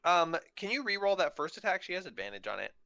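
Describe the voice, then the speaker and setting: A man's voice: sits high, very animated, quick pace, gravelly, noisy background. A man playing a tabletop game who plans tactics and points out rules to the others. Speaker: player. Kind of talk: casual chat during a tabletop game.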